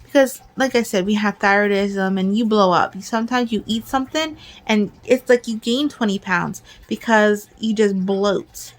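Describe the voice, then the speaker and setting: Casting: middle-aged woman, casual home vlogger, chatty and excitable, rambles, mid-pitched voice. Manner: excitable, rambling, talks fast and jumbles. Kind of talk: casual chat to camera.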